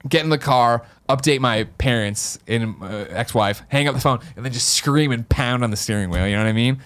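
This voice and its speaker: A man's voice: medium pitch, fairly quick. A man from the American Midwest hosting a casual chat, telling a long story with swearing and acted-out voices. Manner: animated, swearing, acts out quotes in funny voices. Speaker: podcast host.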